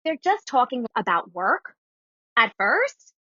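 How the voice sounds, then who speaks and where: A woman's voice: on the high side, takes it slowly, no echo, dull audio. A woman in her thirties telling a personal story on a podcast in casual chat, acting out what others said. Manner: animated, quotes people in her story. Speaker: guest storyteller.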